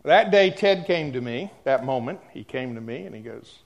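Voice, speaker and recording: A man preaching a sermon, telling a personal story and talking straight to the congregation, dropping to a hush at times and rising loud at others. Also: medium pitch, animated, moderate pace, gravelly, muffled recording. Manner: storytelling, swings from hushed to loud; addresses the congregation directly.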